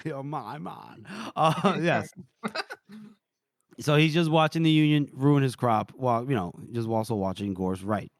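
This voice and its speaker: A man co-hosting a podcast, casually retelling a book chapter with animated delivery, laughing and swearing. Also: mid-range voice, moderate pace, dry recording, studio quality. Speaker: podcast co-host.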